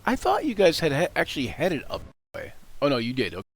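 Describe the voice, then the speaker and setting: A man's voice: fairly high pitch, huge pitch swings, fast, slightly rough. A man running a tabletop game as game master on a live stream, casual and rambling, laughing often.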